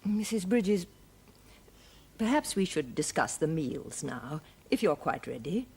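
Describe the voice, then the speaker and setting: Lady of the house, husky, expressive swooping tone, formal and commanding. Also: low voice, a little slow, heavily acted. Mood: consoling. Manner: commanding, formal, then gently consoling. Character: firm, kindly aristocratic lady of the house. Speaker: mistress of the household. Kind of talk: period television drama.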